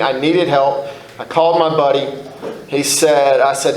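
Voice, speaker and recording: A man's voice: fairly high pitch, fairly even intonation, normal speed, echoey room, rough recording. A man telling his own recovery story to a group, candid and blunt, swearing freely, rambling with restarts.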